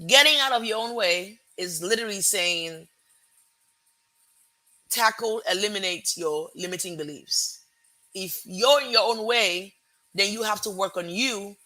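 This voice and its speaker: A woman with a mixed American and Nigerian accent hosting a motivational live stream, energetic and chatty, greeting viewers and pausing to fix her words. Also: mid-range voice. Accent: American-Nigerian mix. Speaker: host.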